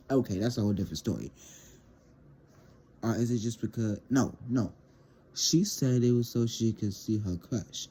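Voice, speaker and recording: A man's voice: fairly low pitch, normal speed, long pauses, mellow, a little hiss or hum. A teenage boy telling a rambling storytime to his viewers, stammering and repeating words as he goes. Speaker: vlogger. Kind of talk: casual storytime monologue.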